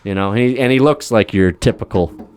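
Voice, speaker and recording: A man casually chatting on a podcast, telling a film's plot with lively acted-out lines. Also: on the low side, moderate pace, smooth. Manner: animated storytelling, acting out film scenes in raised voices. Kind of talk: casual chat.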